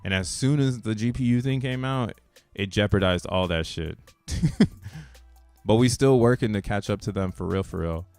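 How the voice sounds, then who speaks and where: Chill slangy dude rambling about charts, smooth clean voice, a bit of quiet music under it. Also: male voice, fairly low pitch, normal speed, dry recording. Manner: slangy and loose, laughs between points; rambling, restarts thoughts mid-sentence. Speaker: crypto channel host. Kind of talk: casual commentary on a chart.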